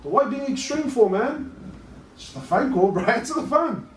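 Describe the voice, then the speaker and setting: A man preaching a sermon in an animated way, with shouted peaks and playful asides. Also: extremely high pitch, normal speed. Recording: roomy echo, voice from a distance, faint noise.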